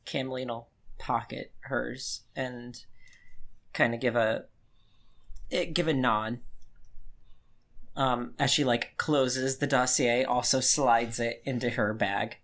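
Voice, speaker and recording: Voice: medium pitch, fairly even intonation, slow, pauses often. A player in a tabletop game, playfully describing their character's gestures with lots of likes and ums. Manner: playful, filler-heavy action description. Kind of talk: casual tabletop play. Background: loud background music.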